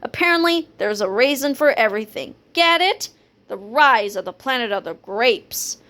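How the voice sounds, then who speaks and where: A woman reading a children's book aloud in a playful, lively storytelling manner. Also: on the high side, normal speed. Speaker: reader.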